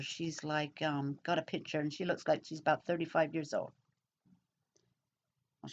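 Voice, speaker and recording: A middle-aged woman talks through viewers' comments in a slow, rambling, casual way, pausing often and leaning on fillers. Her voice sits a little low for a woman. The recording sounds slightly dull and lo-fi. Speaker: YouTuber answering comments. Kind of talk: casual chat.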